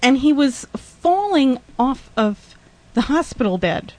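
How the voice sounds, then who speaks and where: High-voiced woman ranting indignantly. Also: sing-song, slow pace, darkish tone, no echo. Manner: indignant, swears, rambling with laughs and sighs. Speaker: podcast host. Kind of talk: ranting monologue.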